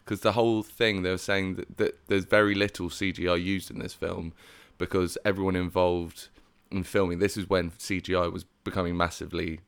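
A man's voice: sits low, level tone, a little fast, creaky, smooth, dry recording. A man chatting casually about a film as podcast co-host, telling scenes animatedly with frequent laughter and swearing.

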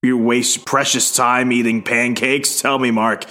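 A man co-hosting a comics podcast, chatting casually and reading comic dialogue in a low, dramatic tone. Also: little pitch movement, a little slow, bright, forceful tone. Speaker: podcast co-host. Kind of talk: casual chat.

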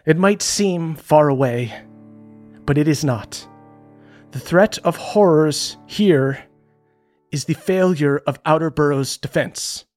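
A woman's voice: low voice, takes it slowly, darkish tone, faint music behind. A woman voicing a pompous rich nobleman giving a grand, showy speech. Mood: grandiose.

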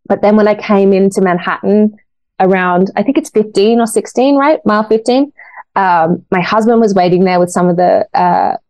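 A woman's voice: mid-range voice, moderate pace, a little mellow, no room sound. Earnest woman recounting her story. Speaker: guest, actress. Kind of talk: casual interview talk.

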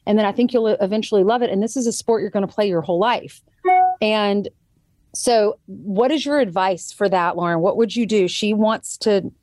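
A woman's voice: medium pitch, darkish tone, no echo, clean studio sound. A woman in her thirties chatting as a guest and telling a parenting story, quoting others vividly as she goes. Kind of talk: casual chat.

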